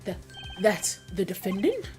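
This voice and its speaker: A woman's voice: mid-range voice, wildly swooping pitch, unhurried, music in the background. A woman voicing a jumpy young male defense lawyer in a game, stammering and startled.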